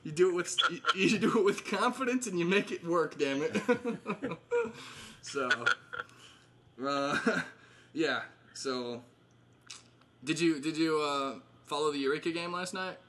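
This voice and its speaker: A man's voice: on the high side, unhurried, fairly bright tone. A man in his thirties casually catching up with old friends, rambling with fillers and laughing often. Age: 30s. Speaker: host.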